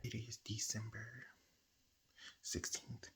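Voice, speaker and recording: A man's voice: lowish voice, completely flat delivery, takes it slowly, a bit bright, rough recording. Man whispering a late-night book vlog. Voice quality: breathy whisper. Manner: whispering, repeating himself in exasperation. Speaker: book reviewer.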